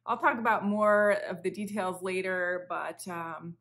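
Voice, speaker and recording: A woman's voice: fairly low pitch, measured pace, fairly bright tone. A woman hosting a crafting podcast from home, chatting casually and rambling a little, with a slightly sick voice. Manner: chatty, rambling, self-interrupting. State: recovering from illness, a bit sick. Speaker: podcast host. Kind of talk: casual chat. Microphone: camera for a video podcast.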